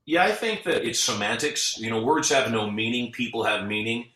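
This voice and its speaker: Bright, echoey middle-aged man. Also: mid-range voice, lively intonation, moderate pace. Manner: earnest storyteller acting out quotes. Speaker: podcast guest. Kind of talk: motivational interview talk. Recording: echoey, off-mic sound.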